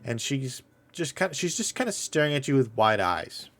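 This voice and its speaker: A man narrates a tabletop game as game master, easygoing and a bit halting. He speaks into a desk microphone at a middle pitch. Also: big pitch swings, fairly bright tone. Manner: casual, hesitant narration with fillers.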